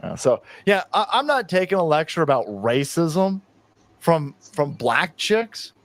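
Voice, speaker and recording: A man's voice: on the high side, big pitch swings, measured pace, no room sound. A man in his fifties doing sarcastic reaction commentary on a stream, mocking, ranting and laughing often. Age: 50s.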